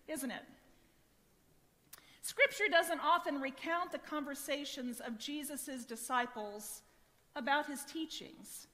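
A woman associate pastor preaching a sermon in an animated, wry, self-deprecating way. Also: high voice. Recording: long church reverb.

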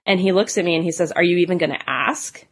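A woman's voice: lowish voice, fast, breathy edge. A woman in her thirties telling her own story in a candid, conversational way, full of "like" and "you know". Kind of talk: personal testimony.

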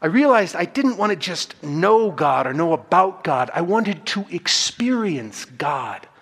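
A man preaches in a measured, reflective way, and his fairly high voice rises and falls in a lively manner. His words linger in a reverberant hall. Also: creaky, husky. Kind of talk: sermon with storytelling.

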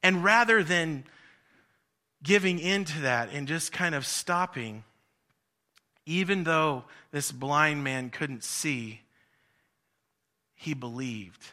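A man's voice: a little high, slow pace, pauses often, bright, forceful tone. A man preaching a sermon in a conversational, storytelling way, acting out the voices in his stories. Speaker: pastor.

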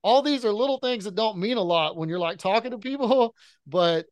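A man in his thirties with a fairly high voice talks in a loose, animated way, wandering from one story to the next. The sound is close and dry, with no room around him. He is a podcast co-host in casual chat. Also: normal speed, no echo.

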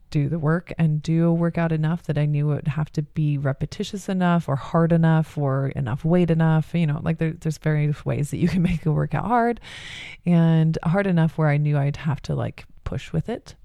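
Woman, middle-aged, low pitch, dry sound, candid rambling monologue. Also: vocal fry, dark tone, dry recording, dull audio. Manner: candid, rambling, with many fillers and restarts. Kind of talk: reflective personal monologue.

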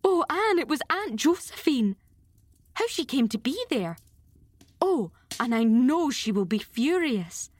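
Woman doing a chattering lively young girl. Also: a little high, unhurried. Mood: laughing excited. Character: giggly, lively young girl, loyal bosom friend.

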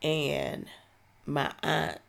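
Woman, 40s; deep, heavily creaky voice; slow, heartfelt testimony. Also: flat delivery. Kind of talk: personal testimony.

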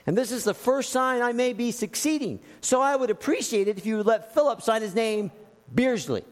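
A determined mother who argues firmly and reasonably for her family, played by a man preacher. Her lines come in a lively, high-pitched voice with a long echo from a church hall. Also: a little fast. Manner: firm, reasoning. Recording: echoey hall with long reverb.

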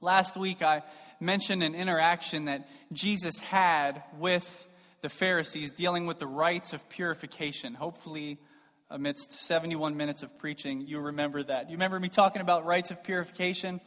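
A man preaching a sermon in a church, emphatic and rhetorical, swinging between loud stresses and soft asides. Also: on the high side, fairly even intonation, moderate pace. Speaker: pastor. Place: church sanctuary. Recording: long reverb of a large hall.

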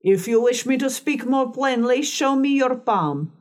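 Woman reading as an old female fortune teller: harsh, decided, unhurried. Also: high-pitched, lively intonation, voice pushed up. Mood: probing. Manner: decided, deliberate, mocking.

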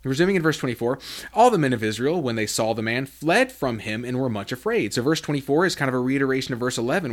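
A man hosting a Bible study podcast, reading scripture aloud and explaining it, acting out quoted lines with big pitch jumps.

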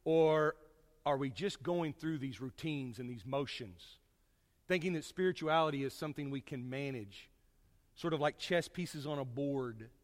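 A man preaching a sermon to his congregation, folksy and storytelling, swinging from loud to hushed. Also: mid-range voice, moderate pace, big-room sound.

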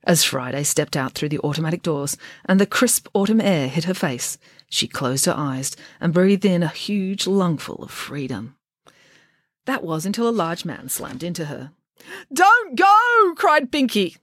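A woman's voice: low voice, lively intonation, normal speed, dry recording, studio quality. A woman reading her own children's novel aloud for a podcast, switching between voices for each character.

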